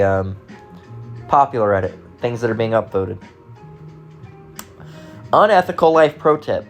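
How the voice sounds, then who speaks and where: A man talks through online comments in a loose, rambling way, often restarting his sentences. His delivery is blunt and laced with profanity, and his voice sits at an ordinary pitch for a man. Faint music plays in the background.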